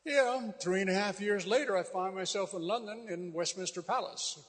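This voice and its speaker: A man's voice: sits high, normal speed. A man giving a rambling, folksy testimony in sermon style, with many fillers. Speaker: guest speaker sharing a testimony. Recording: long hall reverb.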